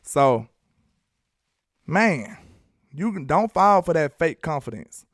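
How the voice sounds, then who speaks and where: A man with a Southern accent from Alabama, doing casual sports talk and reading his live chat in an animated, playful, trash-talking way. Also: a little high, takes it slowly, dry recording, clean studio sound. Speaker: sports commentator.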